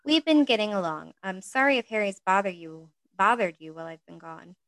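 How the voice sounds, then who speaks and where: Hermione Granger, a woman doing a warm composed young woman. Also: medium pitch, fairly quick, no echo, lightly acted. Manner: warm and lightly teasing.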